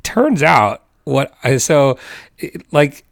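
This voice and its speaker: A man co-hosts a podcast in loose, chatty storytelling mode, laughing often and slipping into the voices of the people in his story. His voice has a gravelly, creaky edge. The sound is dry and close, with no room in it. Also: medium pitch, takes it slowly, no echo. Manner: animated, laughing, acts out quoted voices. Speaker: podcast co-host. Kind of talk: casual storytelling chat.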